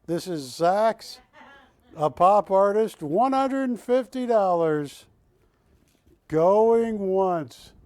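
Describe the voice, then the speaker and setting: A high-pitched man works a live shopping-channel auction, chatty and jokey as he calls out bids and counts them down. He talks at an unhurried pace, and the studio sound is close and dry. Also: animated, mellow, no echo. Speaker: auction host.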